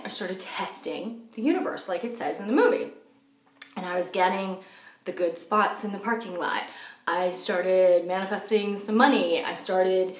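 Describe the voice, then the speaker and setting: A middle-aged woman telling a personal story in a casual, animated way, talking fast and acting out her own past lines. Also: on the high side. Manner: animated, fast-talking, quoting herself with rising excitement. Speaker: spiritual vlogger. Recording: echoey room.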